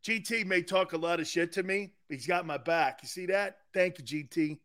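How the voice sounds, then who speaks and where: A middle-aged man hosts a sports talk stream. His voice sits high and sounds bright and forceful. He jumps from one viewer comment to the next, joking loudly. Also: a little fast. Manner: animated, joking, jumps between chat comments. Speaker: sports talk show host. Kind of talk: live-stream sports talk, reading chat.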